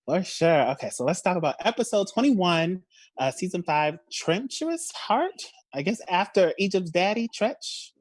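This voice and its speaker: A woman hosting a casual recap discussion over a call, expressive and frank, often laughing. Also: fairly low pitch, moderate pace, no echo. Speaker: host.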